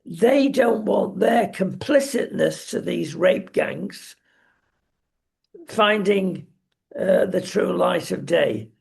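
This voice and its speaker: A man with a very gravelly, husky voice gives opinionated commentary. He talks slowly and deliberately, with a sardonic, emphatic delivery. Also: high-pitched, lively intonation. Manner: slow, emphatic, sardonic, with frequent ums. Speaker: political commentary show co-host.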